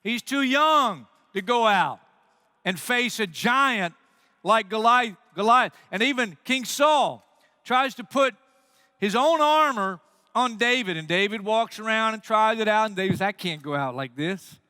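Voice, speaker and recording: Animated, high-voiced preaching pastor. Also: male voice, unhurried, smooth, dry recording, clean studio sound. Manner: animated storytelling, acts out quotes. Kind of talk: sermon.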